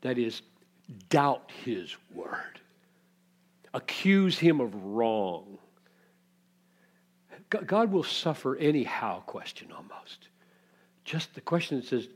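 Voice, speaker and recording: A male preacher teaches through a passage at a measured, unhurried pace, pausing on rhetorical questions. His voice sits at an ordinary pitch and swings from hushed to loud when he acts out quoted lines. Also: very animated. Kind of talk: expository sermon.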